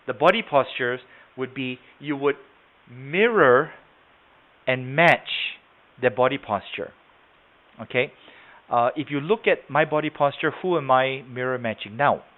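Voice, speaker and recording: A man's voice: mid-range voice, a little slow, long pauses. A man leading a live sales training webinar on a video call, talking conversationally, quizzing the class and repeating himself. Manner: conversational, asks the class questions, repeats words. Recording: tinny phone-like audio.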